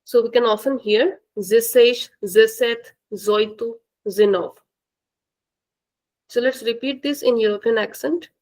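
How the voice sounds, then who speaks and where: A woman's voice: a little high, moderate pace, hardly any pauses, darkish tone, low-quality recording. A woman, teaching a language lesson and carefully repeating words for her students. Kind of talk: classroom-style language lesson.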